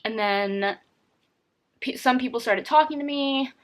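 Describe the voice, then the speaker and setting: A woman's voice: high-pitched, measured pace. A young woman talking candidly to camera in a personal vlog, rambling with many fillers and restarts. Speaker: vlogger.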